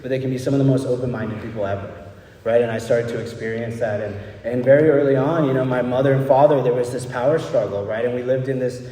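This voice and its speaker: In a mellow, medium-pitched voice, a young El Paso native speaks quickly as he relates his recovery journey at a meeting. His candid, relaxed account is sprinkled with "you know" and "right?", recorded from a distance in an echoey hall with faint background noise.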